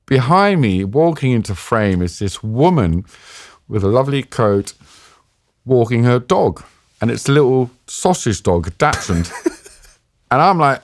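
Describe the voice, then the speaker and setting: A middle-aged British man, a war journalist, recounting anecdotes in a lively, self-mocking way as a podcast guest. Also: mid-range voice, normal speed, dry recording, clean studio sound. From Britain. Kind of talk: animated anecdotal storytelling.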